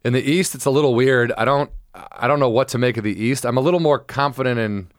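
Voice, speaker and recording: Excitable rambling man, dry close mic. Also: medium pitch, fast, no echo. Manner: rambling, excitable, bursts into shouted impressions. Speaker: podcast co-host. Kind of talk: casual chat.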